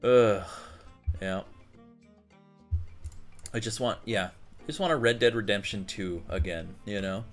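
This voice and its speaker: Man, low-voiced and bright, loose sweary rant, quiet music under. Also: unhurried, long pauses. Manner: swearing, ranting, mocking impressions. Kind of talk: casual chat.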